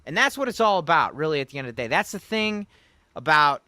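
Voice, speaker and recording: A man's voice: a little high, big pitch swings, fast talker, pushed and bright, no room sound. A man hosting a casual livestream, rambling and folksy as he talks to viewers in the chat. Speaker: livestream host. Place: Louisiana.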